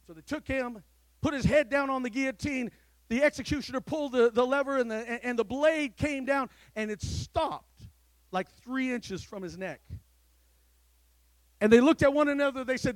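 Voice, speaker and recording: High-voiced preaching American man. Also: moderate pace, dry recording. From United States. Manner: call-and-response preaching, repeats words. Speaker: pastor. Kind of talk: sermon.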